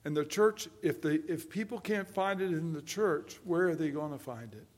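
An older man preaching a sermon, moving between hushed personal stories and loud, emphatic preaching. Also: fairly high pitch, moderate pace. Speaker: pastor.

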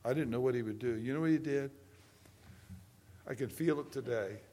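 An older man preaching a sermon, moving between hushed personal stories and loud, emphatic preaching. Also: medium pitch, normal speed. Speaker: pastor.

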